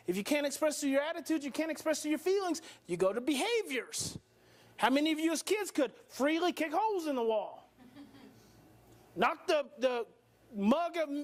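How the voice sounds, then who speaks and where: A man with a notably high voice lectures a workshop with theatrical energy. He swings into acted-out scenes and peppers the room with rhetorical questions. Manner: dramatic, acts out parents and brains, rhetorical questions. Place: workshop hall before an audience.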